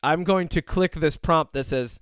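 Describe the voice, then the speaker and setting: Excitable high-voiced man hosting a podcast. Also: a little slow, smooth, dry recording, clean studio sound. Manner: excitable, laughs often. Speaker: podcast host. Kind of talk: casual podcast chat. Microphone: video call.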